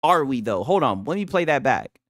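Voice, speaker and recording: Laughing and mocking, this man tosses out slang while reacting to a clip on his stream, replaying and repeating lines in casual commentary. His mid-range voice is very animated, fairly quick, and fairly bright, recorded at studio quality with no room sound.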